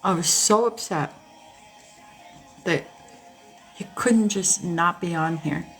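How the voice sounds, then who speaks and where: A woman hosting a casual live stream, telling personal stories to her viewers in an animated, candid way and swearing freely. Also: on the low side, slow pace, faint music behind. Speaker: host. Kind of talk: casual storytelling chat to a live audience.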